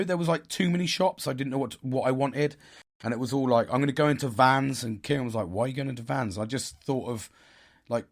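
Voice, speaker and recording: A man telling a story in a casual, animated way. He swears a lot and laughs at himself. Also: medium pitch. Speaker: podcast host.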